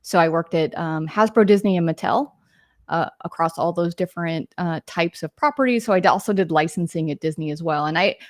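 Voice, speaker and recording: Speaking a little fast in a lowish voice, a woman in her forties chats on a podcast about her career as a games marketer. The studio-quality recording is dry, and her interview storytelling rambles with fillers and tangents.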